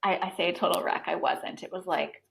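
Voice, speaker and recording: A woman in her thirties telling her own story as a podcast guest, in an animated, casual way, with many "like" fillers. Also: lowish voice, a little fast, gravelly, a little hiss or hum, low-quality recording. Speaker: podcast guest, breathwork facilitator.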